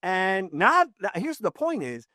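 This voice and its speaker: A man who writes books, telling a story in an enthusiastic, casual way and swinging his voice up high when he quotes people. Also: wildly swooping pitch, takes it slowly, bright, forceful tone, no room sound, studio quality. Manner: enthusiastic, with big pitch jumps when quoting people. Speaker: author and storyteller.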